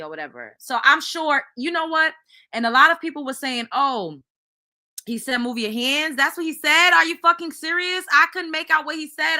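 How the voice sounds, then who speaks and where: A young woman hosting a livestream, talking fast and animatedly to viewers in the chat. Her voice is bright and a touch high, with casual swearing woven into her commentary. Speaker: host.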